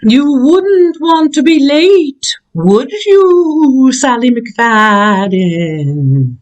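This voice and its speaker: A woman's voice: high voice, big pitch swings, very slow, a little mellow, dull audio, exaggerated voice. A woman playing a teasing female ghost of missed entrances in a stage play. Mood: gloating. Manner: teasing, gloating. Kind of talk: community theater stage play.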